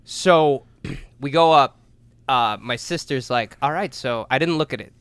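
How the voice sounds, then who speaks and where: A young man co-hosting a podcast, telling a long story in a loose, profane way, acting out voices and shouting at the big moments. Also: medium pitch, a little slow, clear, resonant tone, no echo. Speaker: podcast co-host. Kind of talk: casual storytelling chat.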